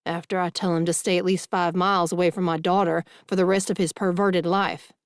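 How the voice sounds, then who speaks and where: A woman voicing an angry, protective middle-aged father who booms and then softens. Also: flat delivery, fairly quick, smooth, no room sound, studio quality, lightly acted. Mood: stern. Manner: booming, then soothing.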